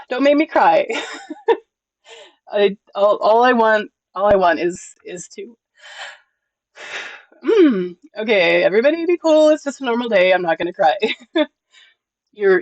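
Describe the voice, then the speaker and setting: A live streamer in casual chat with viewers, gentle and encouraging, often repeating words at the start of sentences. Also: mid-range voice, expressive, measured pace, pauses often, no room sound, muffled recording. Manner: emotional, gentle.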